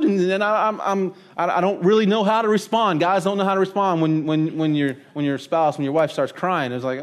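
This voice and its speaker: A middle-aged man, preaching a sermon in an animated, storytelling way. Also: a little high, moderate pace, hardly any pauses. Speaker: pastor.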